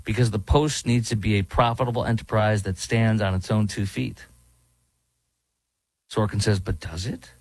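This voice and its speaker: A man's voice: lowish voice, fairly even intonation, normal speed, pauses often, a little mellow, dry recording, poor audio. A man guest-hosting a talk radio show, speaking in a casual, conversational way with frequent fillers and restarts.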